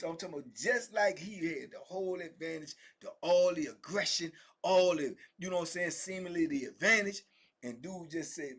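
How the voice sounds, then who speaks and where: A man with a Southern US accent telling a prison story in a casual, animated way, acting out the men's voices. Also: moderate pace, husky. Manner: acts out the men's voices, rising high and loud for quoted shouting. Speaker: storyteller sharing prison stories.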